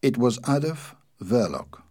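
A man reading the part of a cold, calm male bomb maker, quiet and matter-of-fact, in a husky, lively voice. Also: medium pitch, measured pace, no echo, clean studio sound, voice pushed up.

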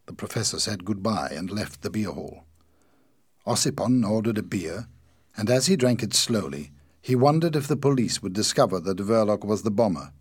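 A man narrating a story in a steady, plain reading voice. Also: sits low, moderate pace, husky, no room sound, clean studio sound.

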